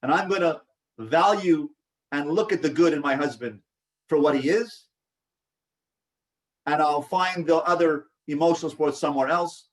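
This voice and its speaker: A man's voice: a little high, normal speed, pauses often, recorded from a distance. A man leading a support group, who coaches, asks the group questions and acts out sample replies. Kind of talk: teaching a live online group session.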